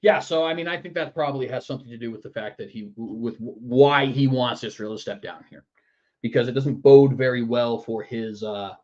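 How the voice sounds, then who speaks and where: A man's voice: mid-range voice, normal speed, darkish tone, dull audio. A man hosting a political commentary show in a sarcastic, mocking manner. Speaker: news commentary host.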